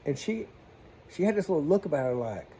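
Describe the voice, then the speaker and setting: A man's voice: on the high side, big pitch swings, fairly quick, mellow, a little hiss or hum. A man, a plumber telling stories in a folksy, chatty way and acting out the dialogue. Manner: folksy, chatty, southern-style slang, acts out dialogue. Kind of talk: casual storytelling vlog.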